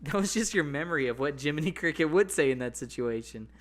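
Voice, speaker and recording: A man's voice: fairly high pitch, expressive, fast. A young man co-hosting a podcast, laid-back and teasing as he disputes his friend's memory. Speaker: podcast co-host. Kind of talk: casual chat.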